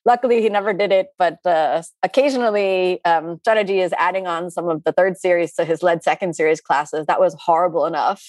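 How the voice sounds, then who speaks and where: A woman's voice: fairly low pitch, fast talker, few pauses, dry recording. Chatty woman yoga teacher, dry sound. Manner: chatty, animated, with playful asides. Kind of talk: live online class Q&A.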